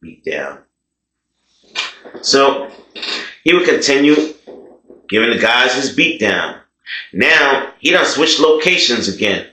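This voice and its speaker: A man's voice: mid-range voice, expressive, measured pace, pauses often, sharp tone. Man telling a jailhouse tale in slang, y'all this y'all that, roomy echo. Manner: slangy, drawled, addresses listeners as y'all. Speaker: storyteller. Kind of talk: casual storytime narration. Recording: echoey room.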